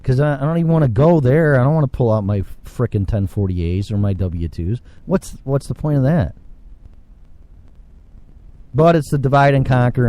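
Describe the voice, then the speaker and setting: Man, show host, solo rant, blunt, profane, repeats himself, heated at times, middle pitch. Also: lively intonation, brisk, dark tone, no echo. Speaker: podcast host. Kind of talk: casual ranting monologue.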